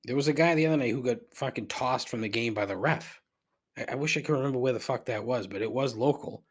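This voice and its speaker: A middle-aged man hosting a podcast, rambling through a profane rant that climbs in pitch when he gets riled. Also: fast talker, slightly rough. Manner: rambling and repetitive, swears freely, rises in pitch when riled. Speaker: podcast host. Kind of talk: casual profane ranting monologue.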